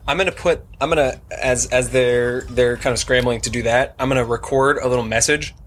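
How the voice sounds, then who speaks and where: Player in a tabletop game, man, mid-pitched, halting and casual, faint hiss. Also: fairly even intonation, a bit bright. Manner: halting, restarts sentences.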